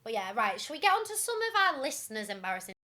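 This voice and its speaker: A young woman chatting on a podcast, her voice bright and a touch high. She retells stories in an animated, giggly way, full of fillers. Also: fast talker. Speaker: podcast co-host. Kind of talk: casual chat, retelling listener stories.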